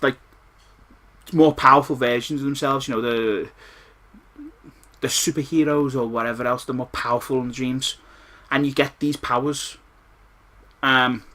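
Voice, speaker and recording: A Liverpool man with a Scouse accent rants and rambles through a retro game review, swearing freely and repeating himself. His voice is medium-pitched with a sharp tone.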